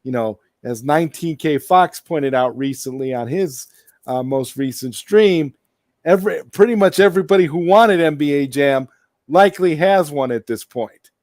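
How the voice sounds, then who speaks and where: A man who is a guest on a casual chat show, speaking haltingly and repeating words as he works toward his point. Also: fairly high pitch, darkish tone, no room sound, clean studio sound.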